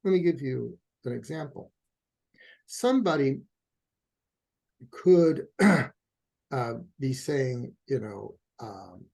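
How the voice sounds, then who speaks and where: A middle-aged man speaks as a couples therapist in a relaxed interview, his voice gravelly and a little husky. He is a lively storyteller who slips into the voices of the people he quotes. His tone sits on the darker, mellow side. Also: medium pitch, slow pace, long pauses. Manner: animated storyteller, acts out quotes. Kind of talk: conversational interview answer.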